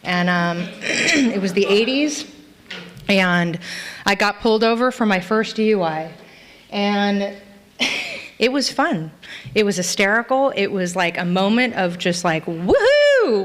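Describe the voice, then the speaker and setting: A middle-aged woman from Los Angeles telling her personal story to a live meeting, candid and self-mocking, acting out past scenes in high voices. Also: a little slow, long pauses, fairly bright tone. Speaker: recovery meeting speaker. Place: meeting hall.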